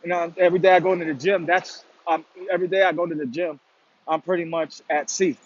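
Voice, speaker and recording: Rambling man with a slightly high voice. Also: little pitch movement, fast. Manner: rambling, fillers like "you know" and "pretty much", casual swearing. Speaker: motivational vlogger. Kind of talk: casual spoken monologue. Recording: dull lo-fi sound.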